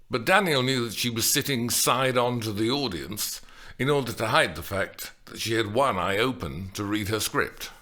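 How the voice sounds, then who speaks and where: A man reading a comic novel aloud as an audiobook, with wry, expressive delivery. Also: medium pitch. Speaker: audiobook narrator. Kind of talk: audiobook narration.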